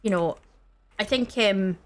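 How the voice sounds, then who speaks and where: A woman from the Scottish Highlands with a Scottish accent, co-hosting a gaming video and chatting casually, rambling with lots of fillers and restarts. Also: slow pace. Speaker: gaming channel co-host. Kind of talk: casual chat while gaming.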